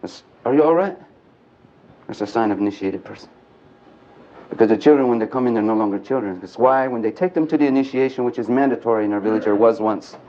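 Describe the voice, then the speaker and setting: A man giving an animated storytelling lecture to a live audience at a men's gathering, joking and speaking bluntly. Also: lowish voice, quick pace. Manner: animated and earthy, mixing jokes and blunt language. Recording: dull lo-fi archive tape.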